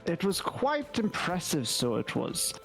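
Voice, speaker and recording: A man's voice: sits high, wildly swooping pitch, a little slow, vocal fry, a bit bright, soft background music, voice pushed up, exaggerated voice. A man voicing an old male elf war veteran in a mixed Irish and British put-on accent, tagging his lines with "so it was". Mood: musing. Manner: musing, tags phrases with "so it was".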